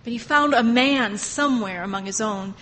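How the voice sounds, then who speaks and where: A woman preaching a sermon with passion, swinging from hushed tones to loud cries. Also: a little high, moderate pace. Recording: long hall reverb, faint noise.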